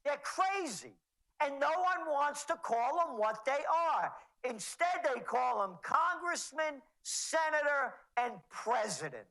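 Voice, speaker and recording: A woman speaking as a commentator in a heated political chat. Her voice sits a little high, and she sounds sarcastic and mocking. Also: sing-song, slow, a bit bright, low-quality recording.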